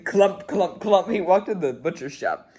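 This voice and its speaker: A man with a high voice reads a children's storybook aloud in a casual, lively way. He chuckles now and then between lines. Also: measured pace, slight background noise.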